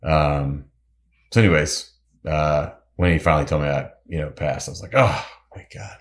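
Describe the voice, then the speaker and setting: Male guest, low bass voice, loose rambling storyteller, laughs a lot. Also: fairly even intonation, moderate pace. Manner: rambling, restarts, laughs often. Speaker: musician and pilot guest. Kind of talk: casual storytelling interview.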